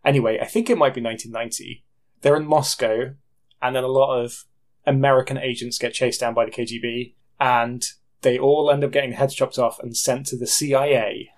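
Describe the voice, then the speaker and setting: A man's voice: mid-range voice, fairly even intonation, brisk. A man, co-hosting a podcast and recapping a film plot in a loose, self-correcting way. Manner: rambling, self-correcting, laughs at himself. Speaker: podcast co-host. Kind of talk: casual film review chat.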